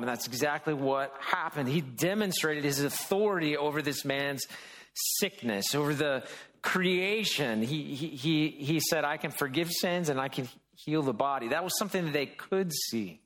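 A man preaches a sermon in a loose, conversational way, often restarting his sentences as he talks it through. His voice sits a little high for a man. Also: normal speed, a bit bright. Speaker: pastor.

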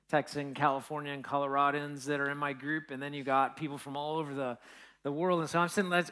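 A man preaching a relaxed, story-driven sermon as a pastor. His voice sits a bit high and rings bright and forward. He talks like he's chatting with the pews and often checks in with the listeners. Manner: storytelling, with asides to the congregation. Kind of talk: conversational sermon.

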